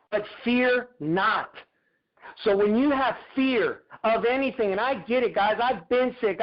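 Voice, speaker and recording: A man's voice: very high-pitched, lo-fi sound. A man giving a fervent, preacher-like motivational talk on a group video call, repeating his phrases. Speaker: motivational speaker.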